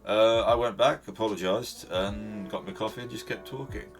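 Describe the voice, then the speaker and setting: A man's voice: lowish voice, normal speed, music in the background. A man, hosting a podcast and telling a rambling, sweary story on his own, with many restarts. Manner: rambling, sweary, self-interrupting. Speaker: podcast host. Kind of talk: casual storytelling monologue. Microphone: solo recording at home to camera.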